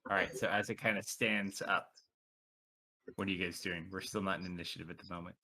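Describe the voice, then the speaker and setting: A man running a tabletop game as game master, narrating in a relaxed, conversational way. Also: deep voice, brisk. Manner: relaxed, conversational, many "like" fillers.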